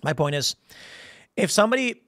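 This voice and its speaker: An American man hosting a political commentary show, telling stories in a rambling, animated way with frequent restarts and laughs. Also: a little high, brisk, no echo, studio quality. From United States. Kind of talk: casual political commentary monologue.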